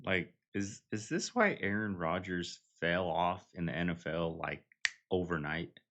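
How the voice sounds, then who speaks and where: A man's voice: low-pitched, animated, a little slow, a bit bright. A man hosting a reaction video, commenting casually and calling his viewers y'all. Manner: chatty, addresses viewers as y'all.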